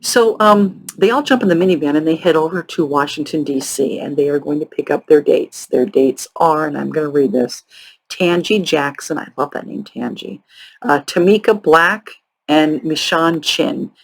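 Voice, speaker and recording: A woman hosting a true crime show, telling the case in a casual, halting way with frequent sarcastic and profane asides. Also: low-pitched, poor audio. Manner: halting, many ums and restarts. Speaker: true crime podcast host.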